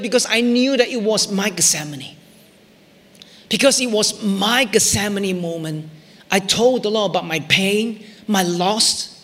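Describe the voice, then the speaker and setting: A middle-aged man preaching in a church hall, his voice high and bright. He swings between loud, fervent peaks and hushed whispers, and a long reverb trails behind every phrase. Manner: emotional storytelling, rising to near shouts in retold prayers, dropping to whispers. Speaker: pastor. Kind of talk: sermon.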